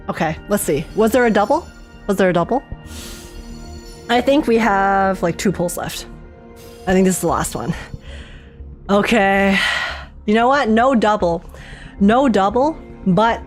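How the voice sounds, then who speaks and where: A woman streaming live, reacting excitedly to game pulls and chatting with viewers. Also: medium pitch.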